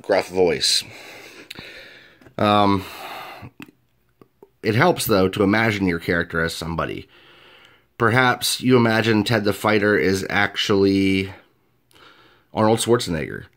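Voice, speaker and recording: A man's voice: sits low, fairly bright tone. A man, a game master, hosting a casual tutorial and explaining tabletop role-play in a chatty way. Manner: chatty and explanatory, with frequent fillers. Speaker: game master and video host.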